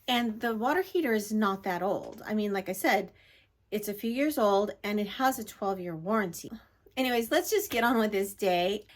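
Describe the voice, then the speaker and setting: A woman's voice: mid-range voice, expressive, moderate pace. A middle-aged woman vlogging casually into a handheld phone, rambling and apologizing as she vents about an irritating episode. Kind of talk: casual vlog chat. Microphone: handheld phone at arm's length.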